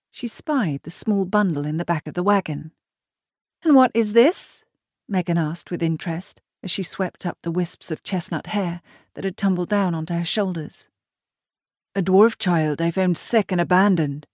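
A woman narrating a storybook in a measured, expressive reading. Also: lowish voice, dry recording, studio quality.

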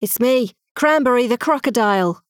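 A woman voicing a gentle, polite male crocodile who has lost his glasses, in a storybook reading. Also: a little high, lively intonation, moderate pace, smooth, dry recording, clean studio sound, pitched above the performer's own voice, lightly acted.

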